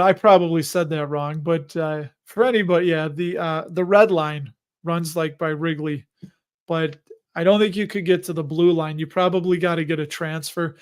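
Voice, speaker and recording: A man's voice: a little high, clear, resonant tone. A man in his late thirties or forties with a Chicago accent, hosting a livestream and chatting casually in a rambling, joking way. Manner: rambling, jokey, chuckles between remarks. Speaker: host of an investing livestream.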